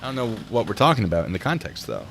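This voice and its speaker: A man's voice: lowish voice, huge pitch swings, racing, gravelly, fairly bright tone, slight background noise. A man hosting a video review show, talking casually and wandering into jokey tangents. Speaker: host reviewing traffic stop videos.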